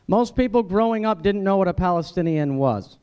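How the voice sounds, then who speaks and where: A man's voice: expressive, a little fast, warm tone, smooth. Man comedian, stand-up set at a dinner, easy chatty delivery, slightly raised voice. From United States. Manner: conversational, jumps into high-pitched character voices for quoted people. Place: dinner event hall, live audience.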